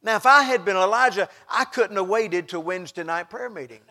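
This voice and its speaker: High-voiced preacher, impassioned and swinging. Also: male voice, fairly quick. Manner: impassioned, swinging between loud outbursts and hushed asides. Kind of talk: sermon.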